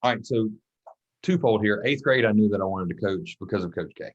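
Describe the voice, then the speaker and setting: Man telling stories, low dull audio. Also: brisk. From Mississippi. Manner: animated storytelling, acts out quoted voices. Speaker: guest, track and football coach. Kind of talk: casual storytelling interview.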